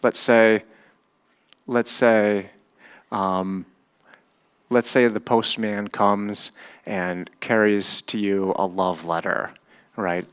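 A male pastor delivers a sermon at an unhurried pace. His voice sits on the low side, and he keeps it conversational, putting questions to his listeners as he goes. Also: fairly bright tone, clear, resonant tone. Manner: conversational, asks the congregation questions.

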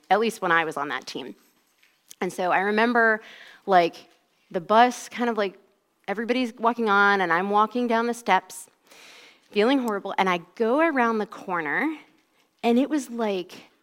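Woman telling a personal faith story. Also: on the high side. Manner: conversational, heavy use of "like". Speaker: speaker giving a personal testimony. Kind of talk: casual spoken storytelling.

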